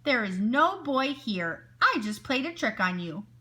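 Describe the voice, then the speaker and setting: A woman voicing a mischievous young male wolf in a storybook read-aloud, shrieking for help in a high voice. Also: big pitch swings, unhurried, bright, forceful tone, full character voice. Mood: gloating.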